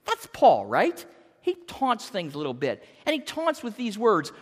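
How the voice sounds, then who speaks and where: A pastor in their fifties preaching a sermon in an earnest, animated way, often repeating words. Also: medium pitch, a little slow, in a large hall. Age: 50s.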